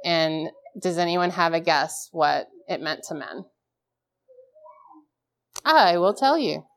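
A woman in her thirties speaks at a conference before a live audience, her voice sitting a little low. She talks candidly and pokes fun at herself, with quick laughs along the way. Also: animated. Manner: candid, self-deprecating, laughs often. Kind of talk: live keynote talk.

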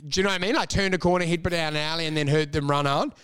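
A man's voice: fairly high pitch, racing, a bit bright, clean tone. A young man in casual comedic chat, rambling through stories, swearing and laughing as he goes.

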